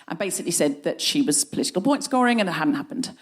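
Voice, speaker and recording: A middle-aged woman hosting a comedy podcast, telling a story with lively energy and a voice that shoots up high when she gets indignant. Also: fast talker. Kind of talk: live comic storytelling.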